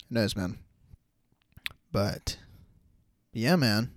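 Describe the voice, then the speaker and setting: A man's voice: medium pitch, slow, pauses often, no echo, clean studio sound. A man hosting a casual solo podcast, talking loosely in slang and calling listeners bro. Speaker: podcast host.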